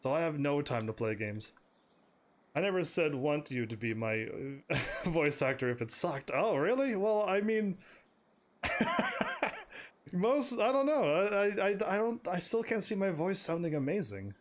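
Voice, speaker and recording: A man's voice: a little high, expressive, a little slow. Chatty, stammering male streamer. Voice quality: slightly strained voice. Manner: chatty, stammering, laughing often. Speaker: live streamer. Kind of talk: casual gameplay commentary.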